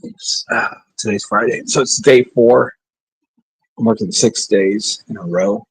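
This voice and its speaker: A man's voice: fairly low pitch, measured pace, breathy edge, dry recording, rough recording. A middle-aged man streaming, chatting in a laid-back, rambling way with sighs and joking asides. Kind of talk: rambling casual livestream chat.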